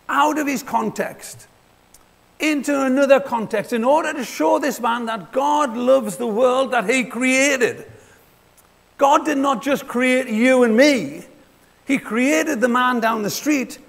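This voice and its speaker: A man preaching in a church, his voice high and animated, sliding up and down as he talks. He has a gravelly edge to his tone and often acts out short dialogues. A long reverb from the hall trails after his words. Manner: conversational, acts out little dialogues. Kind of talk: sermon.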